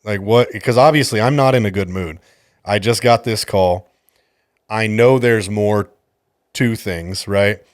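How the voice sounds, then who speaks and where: A man's voice: fairly low pitch, measured pace, no echo, clean studio sound. A man hosting a podcast, a jiu-jitsu coach telling a story in a casual, exasperated and profane way.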